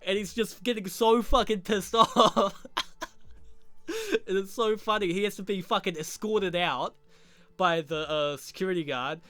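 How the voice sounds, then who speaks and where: A man's voice: sits high, a little slow, pushed and bright, no echo. A young man recapping a show in casual, crude, laughing commentary full of slang. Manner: crude, laughing, rambling slang-heavy talk. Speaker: show reviewer.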